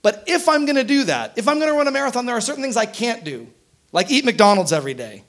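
A man's voice: very high voice, very animated, quick pace, fairly bright tone. A man preaching a sermon as pastor, conversational, often checking in with the congregation. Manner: conversational, frequent tag questions.

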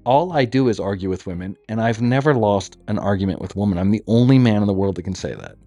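A man's voice: fairly low pitch, animated, fast talker, warm tone, faint music behind. A man talking as a podcast guest over a phone, rambling, joking and swearing freely in casual chat. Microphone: remote call on a phone.

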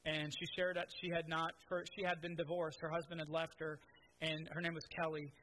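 Male preacher, quick storytelling, high voice, light background noise. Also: little pitch movement, pushed and bright, poor audio. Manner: storytelling, conversational, many restarts. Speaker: pastor. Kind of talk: sermon.

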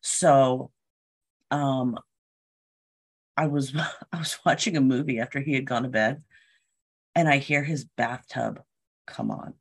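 A woman's voice: very deep voice, takes it slowly, long pauses, husky. A woman telling a story in casual chat, acting out what people said and swearing freely.

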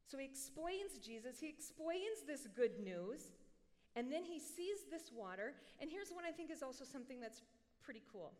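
A woman preacher giving a sermon in an animated, conversational way, with joking asides, in a large hall. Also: sits high. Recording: long hall reverb.

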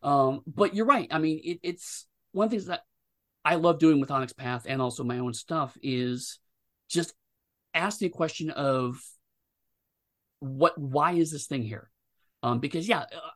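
A man, a game designer guest, talking at length in a rambling, animated way with many restarts. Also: a little high, moderate pace. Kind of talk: casual interview chat.

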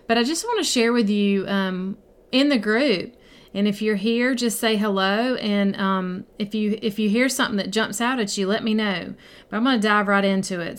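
A woman's voice: mid-range voice, a bit bright. A middle-aged woman, a mindset coach, teaching a group in a casual, conversational and encouraging way, speaking directly to her listeners. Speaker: mindset coach and podcast host.

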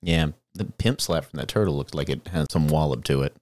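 A man's voice: a bass voice, fairly quick, darkish tone, dry recording. A man co-hosting a casual podcast, recapping a show episode with wry jokes and asides. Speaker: podcast co-host.

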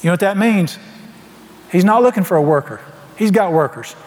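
A man's voice: high voice, animated, a little fast, a little mellow, in a large hall. A man preaching a sermon, telling his story in a folksy way and acting out the dialogue.

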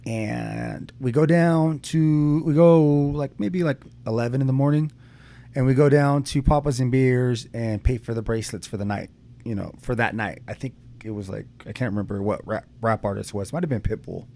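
A man's voice: medium pitch, moderate pace, creaky, dark tone. A young man co-hosting a podcast, telling a long personal story in casual chat, rambling with fillers and frequent swearing. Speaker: podcast co-host.

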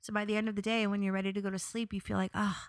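A young adult woman hosting a podcast, telling a personal story in an expressive, animated way and then turning reflective. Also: mid-range voice, very fast, dry recording. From New York area. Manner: expressive, animated when quoting herself, reflective. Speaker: podcast host.

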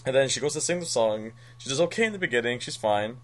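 A man's voice: medium pitch, expressive, fast talker, fairly bright tone. A man co-hosting a podcast, chatting casually and often restarting his sentences. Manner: chatty, many restarts and fillers. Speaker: podcast co-host. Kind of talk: casual chat.

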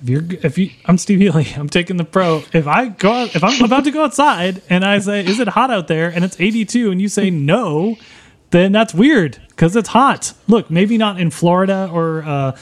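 High-voiced man debating playfully. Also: animated, moderate pace. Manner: playful, mock-serious debating. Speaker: podcast co-host. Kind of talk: casual comedic debate.

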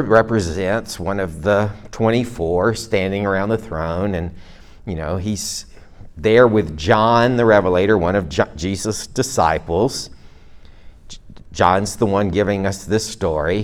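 A middle-aged man delivers a sermon in a loose, conversational manner, talking straight to his congregation. His voice sits a little low. He drops in self-deprecating jokes and asides as he goes. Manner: speaks to a live congregation. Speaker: preacher.

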